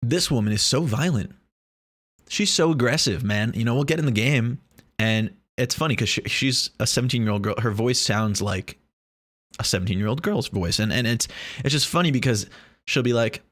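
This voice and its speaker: A man's voice: medium pitch, moderate pace, fairly bright tone. A man vlogging in a casual, rambling way, joking and swearing as he talks to the camera. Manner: rambling, joking, profane, many restarts.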